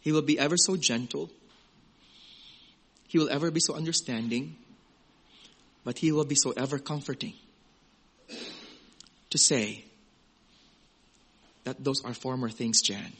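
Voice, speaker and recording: A man preaching a sermon in a conversational, animated way, swinging from loud exclamations to hushed, gentle passages and acting out little quoted voices. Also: medium pitch, unhurried, long pauses, breathy edge. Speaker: pastor.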